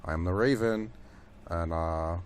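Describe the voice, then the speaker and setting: A man with a somewhat low voice talks alone on his own podcast, rambling loosely and swearing freely. He leans on "you know" and "like" as he goes. A faint hiss of background noise sits under the recording. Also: slow pace. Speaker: podcast host. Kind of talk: casual monologue.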